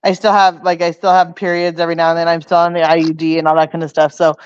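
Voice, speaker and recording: A woman in her forties talks in a halting, rambling way, circling back and restarting her sentences as she chats with a friend. The sound is dull and lo-fi, as if the treble has been rolled off. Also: fairly low pitch, little pitch movement, smooth. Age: 40s. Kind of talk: casual chat.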